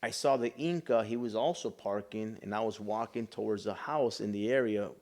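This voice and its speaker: A man's voice: on the low side, normal speed, darkish tone. Earnest man telling his story. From Chicago. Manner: earnest, emotional storyteller acting out dialogue. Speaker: guest. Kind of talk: storytelling in a podcast interview.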